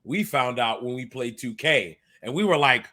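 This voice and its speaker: Lively New York man reading the news. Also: mid-range voice. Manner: animated, jokey, reads with halting restarts. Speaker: podcast co-host. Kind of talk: casual chat, reading a news article aloud.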